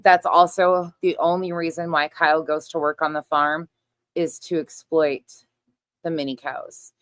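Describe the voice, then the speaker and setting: A woman's voice: low-pitched, little pitch movement, a little slow, no echo. A middle-aged woman hosting a casual livestream chat, talking loosely, laughing often and swearing freely. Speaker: livestream host.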